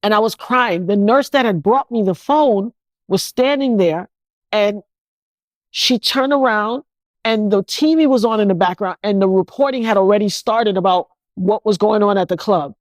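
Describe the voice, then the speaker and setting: A middle-aged woman from New York, an interview guest telling her own story in an animated, indignant way and slipping into other people's voices. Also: medium pitch, moderate pace, no room sound. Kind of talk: emotional first-person storytelling.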